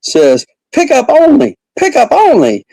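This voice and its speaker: A man voicing a shrill, bossy woman store manager who scolds. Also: huge pitch swings, a little slow, gravelly, mellow, no echo, heavily acted, poor audio. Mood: scolding.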